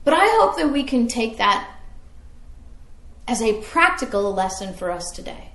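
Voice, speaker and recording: Slow high-voiced woman teaching history. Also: echoey room. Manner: storytelling, asks the audience questions. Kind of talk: history lesson with storytelling.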